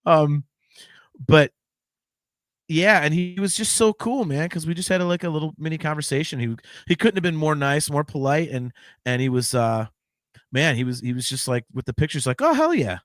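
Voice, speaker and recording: A man hosting a podcast, telling a long casual story in a rambling, excited way with plenty of casual swearing. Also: on the high side, moderate pace, no echo, clean studio sound. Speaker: podcast host.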